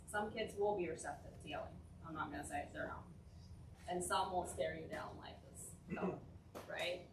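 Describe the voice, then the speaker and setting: A woman family therapist giving an interactive workshop, talking conversationally and checking in with her listeners. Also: medium pitch. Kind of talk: interactive talk to a group. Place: church hall. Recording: echoey room, distant mic, faint noise.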